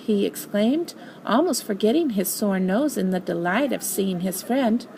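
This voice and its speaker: An older woman, a grandmother, reading a storybook aloud in an expressive, animated way. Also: medium pitch, measured pace, gravelly, a little hiss or hum, rough recording.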